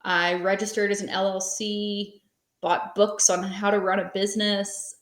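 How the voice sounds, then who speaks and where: A woman in her thirties, a small business owner appearing as a podcast guest, tells her story in a casual interview, rambling conversationally with lots of fillers. Her mid-range voice barely moves in pitch, her pace is unhurried, and the room is echoey.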